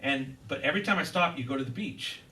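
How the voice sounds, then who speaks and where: A man giving a guitar clinic in a music store, talking casually to a live audience in a rambling, animated way with lots of fillers. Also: medium pitch, quick pace, far from the mic, poor audio.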